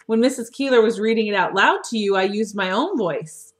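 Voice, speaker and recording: A woman teacher talking a young class through a story lesson, asking gentle questions, recorded on a webcam microphone. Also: medium pitch. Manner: slow, coaxing questions to children. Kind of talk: read-aloud lesson for young children.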